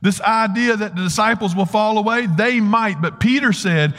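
A man's voice: sits high, moderate pace, hardly any pauses, a bit bright. A man preaching a sermon, earnestly retelling a story and asking rhetorical questions. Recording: long hall reverb.

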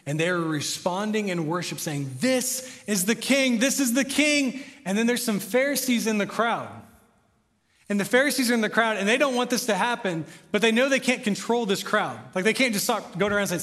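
High-voiced young American pastor preaching. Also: male voice, fairly bright tone. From United States. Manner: conversational, builds to passionate emphasis. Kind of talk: sermon. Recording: long hall reverb.

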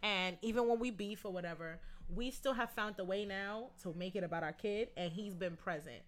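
Animated, profane woman telling a story. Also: fairly quick. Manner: animated storyteller, quotes others in lowered voice; profane, slangy. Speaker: podcast co-host. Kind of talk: casual chat.

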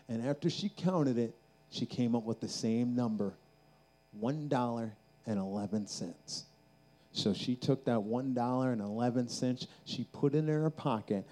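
A man's voice: mid-range voice, mellow, low-quality recording. A man preaching at a youth camp, telling a story and building to a fervent call. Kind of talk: sermon.

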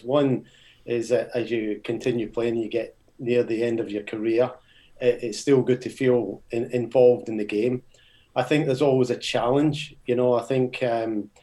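An older man from Scotland, a football coach speaking as an interview guest. His voice is mellow and soft-edged, and he talks in a modest, unhurried way, pausing often to think. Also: medium pitch. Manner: modest, relaxed, reflective, many fillers. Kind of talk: casual interview chat.

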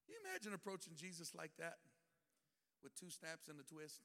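A man's voice: a little high, wildly swooping pitch, fairly quick, sharp tone. A male bishop preaching a sermon, telling the story with humor and acting out the scenes. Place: church sanctuary. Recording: long church hall reverb.

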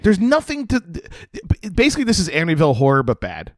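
A man's voice: fairly high pitch, huge pitch swings, quick pace, dry recording, clean studio sound. A man co-hosting a casual movie-review podcast, sarcastic and profane, laughing often. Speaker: podcast co-host.

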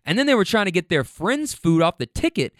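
A man with a high-pitched voice, speaking a little fast, casually recounts wild stories from waiting tables at a restaurant. He's blunt, profane and animated, laughing at his own stories while riding in a car on the way home. The sound is dry and of studio quality.

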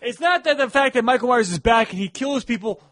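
A man's voice: extremely high pitch, lively intonation, fairly quick, fairly bright tone, no echo. A man co-hosting a film review podcast, recapping the plot with dry asides. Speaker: podcast co-host. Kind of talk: casual film review chat.

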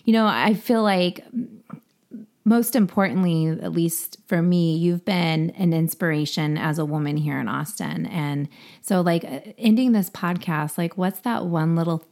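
A woman's voice: fairly low pitch, measured pace. Gushing podcast host woman. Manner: warm, affirming, gushing. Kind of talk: casual interview chat.

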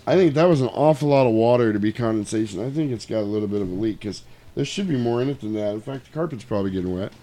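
A man's voice: lowish voice, expressive, very fast, mellow, faint music behind. Tipsy, rambling man hosting a podcast. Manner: loose, rambling, profane. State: a little tipsy. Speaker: podcast host. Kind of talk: casual chat.

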